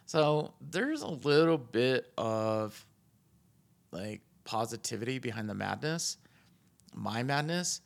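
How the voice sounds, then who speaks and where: A man hosting a podcast, rambling and ranting in a casual monologue, his voice shooting up high when he gets exasperated. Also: lively intonation, takes it slowly, vocal fry. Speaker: podcast host.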